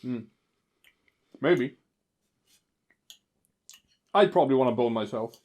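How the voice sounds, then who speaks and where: A co-host in a casual movie commentary, playful, breaking into loud exclamations and talking with a full mouth. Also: medium pitch, lively intonation, takes it slowly. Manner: playful, loud exclamations, talks while eating. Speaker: podcast co-host.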